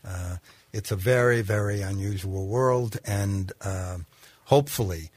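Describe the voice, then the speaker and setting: A man co-hosting a radio talk show, reading news and commenting in a halting way with fillers. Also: lowish voice, darkish tone, no room sound. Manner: halting, with fillers and restarts when speaking freely. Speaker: radio co-host.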